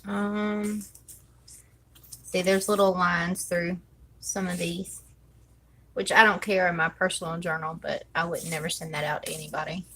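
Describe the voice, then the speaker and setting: Woman planner vlogger with a bright, crisp voice, unhurried and chatty while she sets up stickers. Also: fairly low pitch, level tone, slight background noise, rough recording. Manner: chatty, thinks aloud, counts under her breath. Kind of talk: casual chat while decorating a planner.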